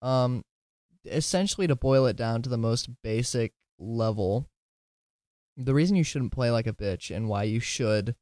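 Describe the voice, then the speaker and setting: Tired and giggly, a man rambles through his casual solo podcast, putting himself down and slurring words at times. His voice is medium-pitched with a darkish tone, captured in studio quality with no echo.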